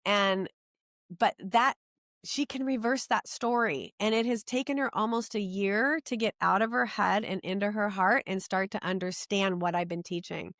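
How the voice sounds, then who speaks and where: A middle-aged woman, a podcast guest, telling her personal story in an earnest, animated way. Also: mid-range voice, normal speed, dry recording, clean studio sound.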